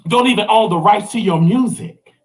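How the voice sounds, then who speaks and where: A man with a Southern US accent, hosting and ranting in animated commentary, preachy and mocking. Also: sits high, normal speed. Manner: preachy, mocking, acts out quotes in other voices. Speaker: host.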